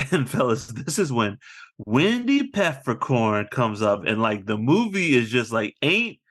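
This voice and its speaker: A man co-hosting a casual podcast, animated and quick to act out movie lines in funny voices. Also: mid-range voice. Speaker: podcast co-host. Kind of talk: casual chat.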